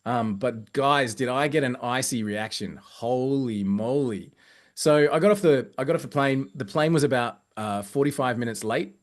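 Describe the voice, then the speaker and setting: An Australian man, a company growth director, telling casual anecdotes in a lively, chatty way with plenty of fillers and restarts. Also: medium pitch, normal speed.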